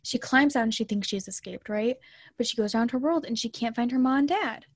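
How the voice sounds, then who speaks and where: A young woman co-hosting a casual chat, retelling a film with lots of fillers and mock-indignant asides. Her voice sits fairly high and is heard close up in a dry space with no room sound. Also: brisk, no echo. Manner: animated, chatty, full of "like" and mock-indignant asides.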